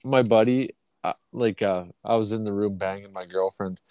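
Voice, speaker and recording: A man's voice: fairly low pitch, normal speed, dark tone, smooth, no room sound. A man from Canada telling long, rambling, profane stories in a casual podcast chat. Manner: profane, rambling anecdotes with acted quotes. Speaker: podcast co-host.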